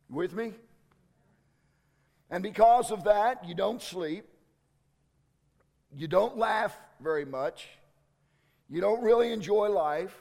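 Man, pastor, sermon, high voice, slow, deliberate pauses, long church reverb. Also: a little mellow.

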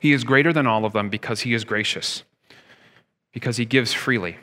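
A man's voice: mid-range voice, fairly quick, bright, forceful tone. A man in his thirties preaching a sermon as pastor, talking conversationally and asking his listeners rhetorical questions. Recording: long hall reverb.

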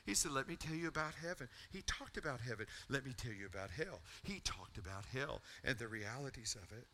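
A man's voice: medium pitch, lively intonation, fairly quick, pushed and bright. A middle-aged man, a pastor telling a personal story in his sermon and building to a fervent altar call.

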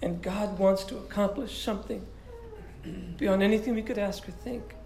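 A man preaching a sermon as pastor, stuffy-nosed and congested, in a lively, conversational way with many restarts. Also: sits high, moderate pace, vocal fry, reverberant, a little hiss or hum. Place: church sanctuary.

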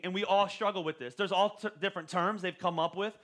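A pastor in his forties preaches in a relaxed, conversational way, often restarting phrases with repeated words. His voice sits high for a man and sounds bright and forward. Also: fast talker, few pauses. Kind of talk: sermon.

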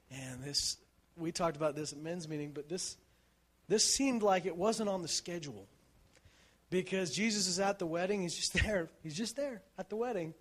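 A male pastor preaching a sermon in a conversational storytelling way, acting out the people in the story and often asking "right?". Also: sits high. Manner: animated storytelling, acts out quotes, shouts for emphasis.

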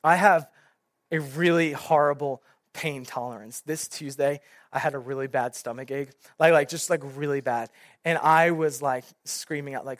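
A young man, a youth pastor, preaching a sermon in an animated storytelling way, with many casual fillers. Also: on the high side, moderate pace, no echo, clean studio sound.

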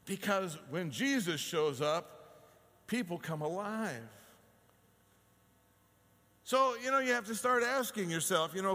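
Pastor preaching in a hall. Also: male voice, high-pitched, a little slow. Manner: conversational, animated storytelling with acted-out voices. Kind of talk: sermon.

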